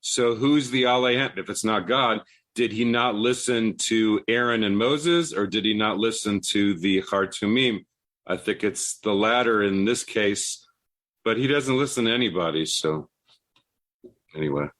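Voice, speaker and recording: A man taking part in a Bible study class, a Torah reader who asks questions hesitantly, with many pauses. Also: fairly low pitch, fairly bright tone.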